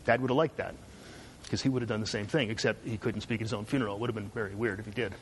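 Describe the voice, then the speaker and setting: A man's voice: on the low side, steady tone, rapid-fire, slight background noise. A middle-aged man giving a university lecture, sarcastic and full of joking asides. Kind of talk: classroom lecture.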